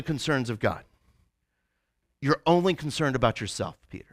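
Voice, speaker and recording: A male pastor giving a sermon in a casual, animated storytelling way, with lots of fillers and restarts. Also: medium pitch, measured pace, long pauses.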